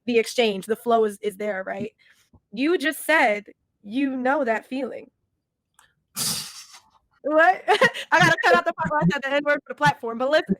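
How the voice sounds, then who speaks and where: A woman's voice: high-pitched, moderate pace, pauses often, a bit bright, no room sound, studio quality. A young woman hosting a podcast interview, affirming her guest and laughing often, with casual swearing. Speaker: podcast host.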